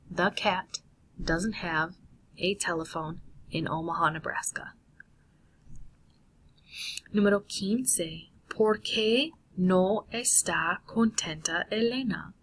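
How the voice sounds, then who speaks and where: A woman's voice: lowish voice, fairly bright tone, a little hiss or hum. A woman walking through a Spanish lesson on screen in a casual, self-correcting way. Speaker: Spanish teacher. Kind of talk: screen-recorded lesson walkthrough.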